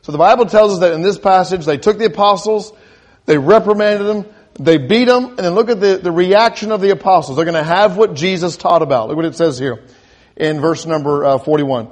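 Man, preacher, sermon, higher-pitched voice, emphatic build-ups, repeats himself. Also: brisk. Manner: rising to emphatic crescendos, asks the congregation questions; restarts and repeats words.

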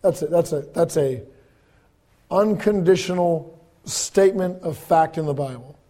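Male pastor, mid-high mellow voice, conversational sermon with emphatic swells and soft drops. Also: a little slow. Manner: conversational preaching, repeats words, swings between loud emphasis and soft lows.

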